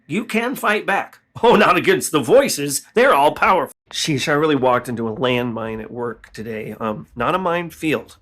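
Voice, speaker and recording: Bright-voiced man rambling deadpan comedy. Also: on the high side. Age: 40s. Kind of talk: absurdist comedy monologue.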